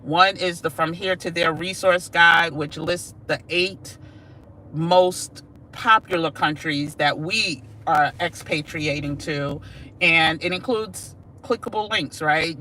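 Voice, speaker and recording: A deep-voiced woman drives while hosting a casual vlog live stream, speaking unhurriedly with fairly even intonation and a sharp tone. She's sassy and chatty, talking straight to viewers as "y'all" and "child."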